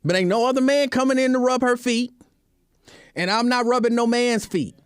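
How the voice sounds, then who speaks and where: A man's voice: extremely high pitch, normal speed, smooth, dry recording, studio quality. A man hosting a show, telling a comedic casual monologue with joking, repetitive asides. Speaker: show host.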